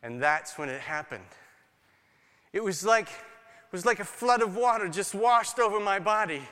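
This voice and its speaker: A man performing a dramatic first-person monologue as a grateful leper who was healed, earnest and swinging between hushed and exclaiming. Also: sits high, animated, moderate pace. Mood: joyful. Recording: long hall reverb.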